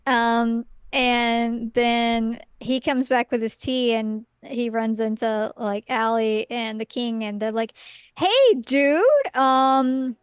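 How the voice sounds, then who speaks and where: A woman's voice: on the high side, flat delivery, slow, hardly any pauses, clean tone, no echo. A woman co-hosting a podcast, casually recapping a story in a chatty way full of "like" and "um". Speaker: podcast co-host.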